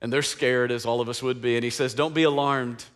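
Bright-voiced preacher man. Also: medium pitch, level tone, fast talker, clear, resonant tone. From East Tennessee, USA. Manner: impassioned preaching with call-and-response. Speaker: pastor. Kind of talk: Easter sermon.

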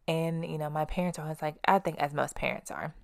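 Low, gravelly young woman venting bluntly. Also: fairly even intonation, quick pace, a little mellow, dry recording, studio quality. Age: 20s. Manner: blunt and profane, filler-heavy, venting. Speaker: podcast host. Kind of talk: candid personal monologue.

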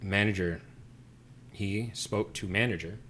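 A man's voice: on the low side, measured pace, noisy background. A man telling a story in casual chat, ranting with animation and acting out both sides of the exchange. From Puerto Rico.

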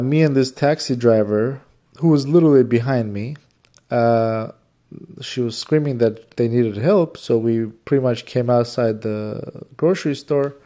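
A man's voice: medium pitch, warm tone. A man hosting his own podcast, telling a personal story in a rambling, loosely chained way full of asides. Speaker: podcast host, rideshare driver. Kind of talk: casual storytelling monologue.

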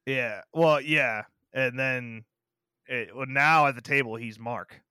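A man's voice: medium pitch, takes it slowly, sharp tone, clear, resonant tone, no echo, clean studio sound. A man co-hosting a casual movie review podcast, laid-back and hesitant, often trailing off. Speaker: podcast co-host.

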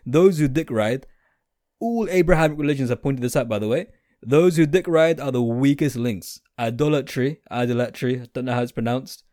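A man's voice: mid-range voice, animated, fairly quick, mellow, no echo, clean studio sound. A young British man giving a blunt, sarcastic, rambling opinion monologue. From United Kingdom.

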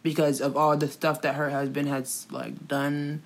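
A woman recounts gossip in relaxed conversation, slangy and full of swearing. Her voice sits a little low for a woman. She acts out what others said as she talks. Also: a little slow. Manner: animated storytelling, slangy, swears, acts out quotes. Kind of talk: casual gossip chat.

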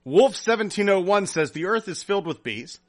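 Podcast host guy, swears a lot, animated storyteller, voice jumps all over. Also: sits high, brisk. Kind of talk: casual podcast chat.

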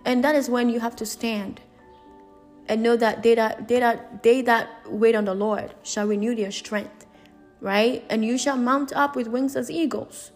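A woman's voice: on the high side, steady tone, a little slow, soft background music. A woman preaching a sermon in an earnest, emphatic way, repeating and restarting her phrases.

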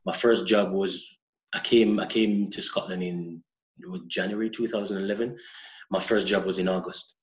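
A man from Jamaica with a Jamaican accent, a guest in a casual interview, telling lively stories and often repeating words as he restarts. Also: low-pitched, moderate pace. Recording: echoey, dull-sounding room recording.

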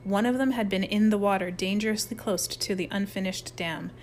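A woman narrating a children's novel as an audiobook, with a lively storytelling manner. Her voice sits at a middling pitch, with a faint hiss of noise underneath. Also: a little fast. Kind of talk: scripted narration.

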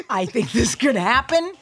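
Animated, lively middle-aged woman comic. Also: fairly high pitch, slow pace, background noise. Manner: animated, profane storytelling with acted-out quotes. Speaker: podcast host and comedian. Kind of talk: casual podcast chat.

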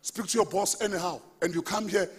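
Shouting preacher, bright and husky. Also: male voice, sits high, steady tone, a little fast. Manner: preaching, rising to shouts, asking the congregation for responses. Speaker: pastor. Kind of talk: sermon.

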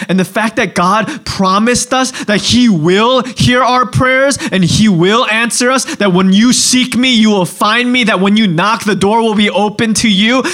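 A male pastor preaching a sermon in a relaxed, conversational way, acting out little voices and asides. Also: high voice. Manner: conversational, animated, acts out voices.

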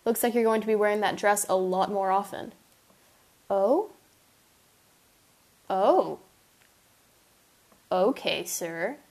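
On her own podcast, a young woman reads a chapter of her story aloud, then answers listener questions with casual, chatty, self-mocking asides. Her medium-pitched voice has a darkish tone, and she speaks slowly with frequent pauses.

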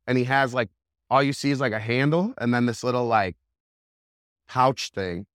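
Young man, podcast guest, mid-pitch, dry close studio sound, loose rambling storyteller. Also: moderate pace, no echo. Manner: animated, heavy use of "like", laughs while telling. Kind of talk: casual storytelling.

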